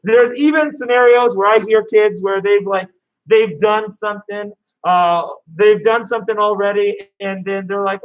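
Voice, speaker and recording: A karate instructor teaching an online kids' class, upbeat, calling out drill commands and counting down. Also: male voice, high voice, fairly even intonation, moderate pace, muffled recording.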